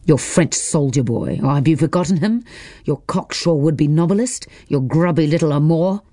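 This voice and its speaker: A man reading an audiobook, voicing a jealous, angry husband who talks slowly and cuttingly. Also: a little high, warm tone, dry recording, clean studio sound, close to an everyday voice. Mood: cold, scornful. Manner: slow, deliberate and cutting.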